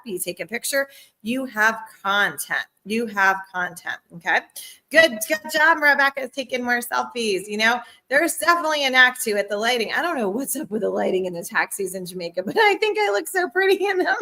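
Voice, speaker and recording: Bright, upbeat woman giving sales training. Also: on the high side. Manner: upbeat, chatty, laughs often. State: coughing. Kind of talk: live-streamed training talk.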